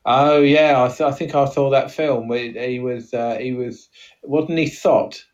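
A man improvising as a comedic interview guest, rambling in a deadpan manner. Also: medium pitch, normal speed, recorded from a distance, lo-fi sound. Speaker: podcast co-host.

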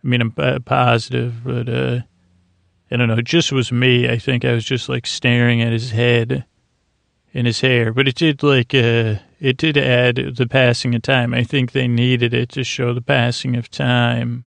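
Rambling man with a gravelly, flat voice. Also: medium pitch, no room sound. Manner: rambling, halting, many fillers and restarts. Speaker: podcast host recapping an episode. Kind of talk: casual recap chat.

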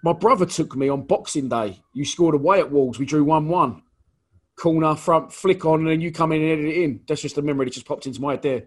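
A man's voice: fairly high pitch, fast talker. Chatty male interview host. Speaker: podcast host and fan. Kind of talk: casual interview chat.

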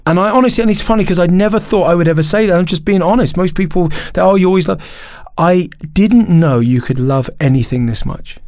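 A man, a podcast guest, telling a candid personal story in an animated, emotional way, often restarting and laughing at himself. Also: high-pitched, quick pace, few pauses, no echo, studio quality.

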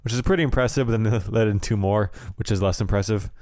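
A man's voice: lowish voice, fast talker, a little mellow, no room sound, studio quality. A man co-hosting a casual soccer podcast, telling stories with wry, laughing humor. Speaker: podcast co-host.

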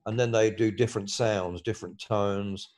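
An older Australian man tells stories in a low, unhurried voice, full of swearing and filler words. His delivery wanders loosely from point to point. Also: fairly even intonation, a little mellow. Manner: rambling, swears freely, hesitant fillers. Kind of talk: casual chat.

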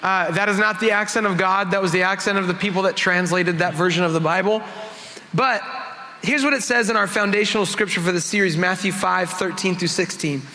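Bright-voiced man preaching in reverberant church. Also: high voice, fairly quick. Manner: conversational, self-deprecating storytelling. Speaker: worship pastor. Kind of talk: sermon with personal stories. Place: church sanctuary.

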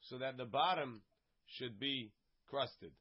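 A man's voice: medium pitch, takes it slowly, slightly rough. A man teaching a casual text study class. He reads each phrase and then translates and explains it in plain words. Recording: dull, lo-fi sound.

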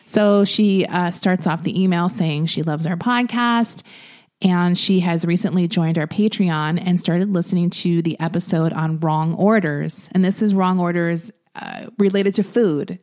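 A woman's voice: lowish voice, unhurried, a little mellow. Giggly woman reading listener emails. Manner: laughs often while reading aloud. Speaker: podcast co-host.

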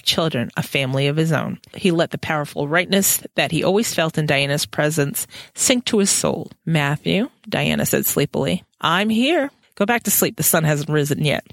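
A woman reads a novel aloud on her podcast, her voice sitting a little low. She drops into playful, giggly asides. The sound is close and dry, with no room around it. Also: moderate pace, hardly any pauses, no echo. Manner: giggly, jokey asides between reading. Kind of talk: casual read-aloud with commentary.

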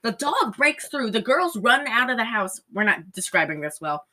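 A woman with a bright, sharp-edged voice chats casually about a movie. She rambles and giggles through her retelling and drops sarcastic asides. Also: fairly high pitch, big pitch swings, normal speed. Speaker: podcast co-host recapping a movie. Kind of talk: casual chat.

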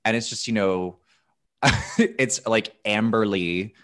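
Low-voiced man telling candid stories. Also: slow, fairly bright tone. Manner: candid storyteller, swears often, restarts phrases. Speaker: podcast guest. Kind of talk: casual podcast chat.

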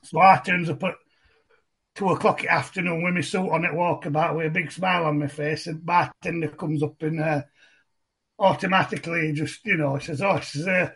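A middle-aged Englishman with a broad Barnsley Yorkshire accent tells his story as a podcast guest, chatty and rambling, often repeating and restarting phrases. His voice is a little high, steady, a bit bright and slightly rough, at a normal speed, in a casual storytelling conversation.

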